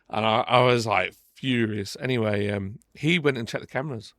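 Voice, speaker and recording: A man hosting a podcast, retelling a story with animated indignation and acting out the quotes. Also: on the low side, normal speed, vocal fry, hardly any pauses, dry recording, studio quality. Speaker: podcast host. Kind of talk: casual storytelling.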